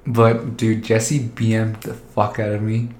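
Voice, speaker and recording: A man's voice: fairly low pitch, completely flat delivery, unhurried, darkish tone. A man telling stories in casual chat, crude and joking, laughing often. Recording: roomy echo.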